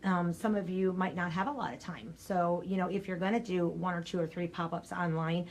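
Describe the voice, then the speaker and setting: An older woman giving a chatty, energetic live coaching talk straight to her viewers, her throat scratchy and needing clearing. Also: lowish voice, a little fast. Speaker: sales coach.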